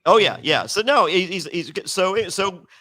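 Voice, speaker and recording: A man tells a story in casual podcast chat, rambling and stumbling over repeated words while he acts out both sides of the dialogue. His voice sits a little high, and the sound is dry and close. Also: big pitch swings, normal speed, sharp tone, no echo. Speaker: reality TV guest.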